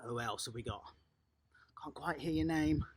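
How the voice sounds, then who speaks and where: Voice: medium pitch, normal speed, slight background noise. An upbeat adult tennis coach, running an online class for small children and cheering them on by name.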